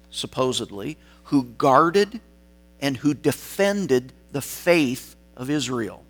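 A man's voice: mid-range voice, a bit bright. Male preacher, emphatic explanatory sermon delivery, faint mains hum. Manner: explanatory, emphatic, slows on key words.

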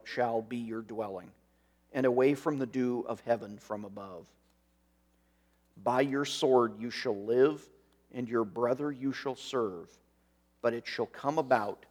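A middle-aged man preaching a sermon, speaking earnestly and reading scripture aloud with commentary. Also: medium pitch. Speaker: pastor.

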